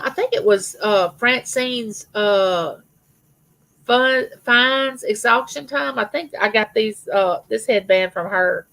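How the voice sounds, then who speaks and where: Chatty gravelly-voiced woman livestreaming. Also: medium pitch, a bit bright, rough recording. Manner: chatty, rambling storyteller, greets viewers by name. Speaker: livestream host. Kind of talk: casual live chat with viewers.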